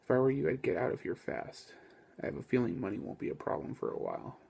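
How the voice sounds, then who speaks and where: A man reading a novel aloud, voicing a calm, dutiful young male store clerk who gives plain advice. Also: medium pitch, quick pace, creaky, slight background noise.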